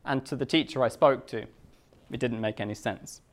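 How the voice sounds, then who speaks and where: A British man explaining culture to language learners, stretching key words slowly and deliberately. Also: medium pitch.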